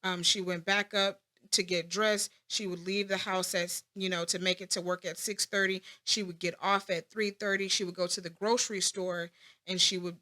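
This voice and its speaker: Bright-voiced woman recalling her childhood. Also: lowish voice, little pitch movement. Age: 30s. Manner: reflective, halting, with many fillers and restarts. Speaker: interview guest. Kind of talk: personal interview.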